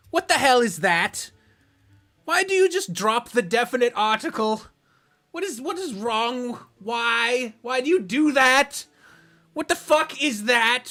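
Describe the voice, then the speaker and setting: A man's voice: very high voice, expressive, a little slow, sharp tone. A man streaming a strategy game, chatting casually, ranting, swearing and laughing a lot. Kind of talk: casual gaming livestream commentary.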